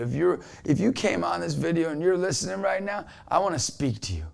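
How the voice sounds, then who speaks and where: A Christian motivational speaker in his forties addresses the camera with an emphatic inspirational talk, keeping it conversational and repeating a catchphrase. His voice is fairly high, animated, fairly quick and creaky.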